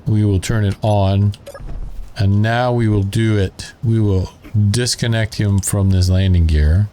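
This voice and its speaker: A man's voice: lowish voice, steady tone, unhurried, warm tone, a little hiss or hum. A man with a Southern drawl chatting casually as he plays and narrates a building game, thinking aloud as he works. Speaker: gaming channel host.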